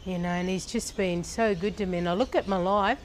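A woman's voice: on the low side, steady tone, slight background noise. A middle-aged Australian woman from a church leadership team, sharing a personal faith testimony in an earnest, storytelling way. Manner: slow, earnest storytelling with pauses and laughs.

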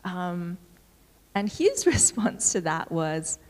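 A woman giving a church talk in a relaxed, conversational storytelling way with frequent fillers. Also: lowish voice, slow. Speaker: church speaker. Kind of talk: sermon. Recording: reverberant hall.

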